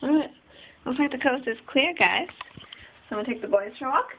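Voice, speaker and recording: A bubbly woman with a high, bouncing voice chats at home and coos baby talk to her dogs. The audio is dull and lo-fi, like an old home camera, with a faint hiss behind her. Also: expressive, a little fast. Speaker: vlogger. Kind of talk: casual home vlog. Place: home hallway.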